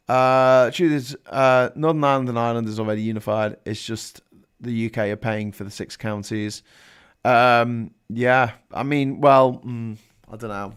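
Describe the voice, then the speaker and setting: Speaking at medium pitch with a steady, smooth tone and moderate pace, this Scouse host from Liverpool fronts a live call-in stream. He chats casually, reads out headlines, and adds sarcastic remarks.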